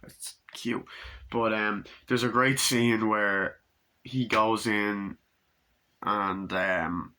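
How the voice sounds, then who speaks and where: Rambling, swearing man with a bright voice. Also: fairly low pitch, fairly even intonation, drawn-out words. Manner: rambling, profane, acts out scenes in quoted voices. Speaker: movie reviewer. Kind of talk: casual movie review.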